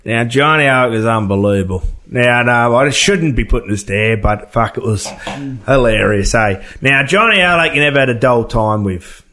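A man's voice: mid-range voice, expressive, moderate pace, bright, forceful tone. An Australian man in casual chat, telling a rambling pub story with lots of swearing and fillers. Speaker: guest storyteller.

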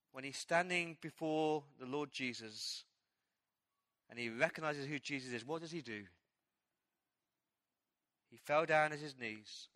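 A man preaching a sermon as pastor, telling a Bible story with animated storytelling and acting out the quoted lines. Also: a little high, dry recording. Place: church.

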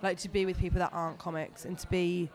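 A stand-up comedian in relaxed interview mode, talking in long, rambling runs full of restarts and asides. The tone is self-deprecating and chatty, at an everyday pitch. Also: fast, faint music behind. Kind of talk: casual interview chat.

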